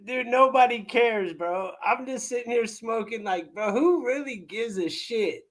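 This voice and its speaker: A man's voice: high voice, unhurried, few pauses, pushed and bright. A man hosting a casual livestream, rambling loosely, swearing and joking with his chat. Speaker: livestream host reacting to clips.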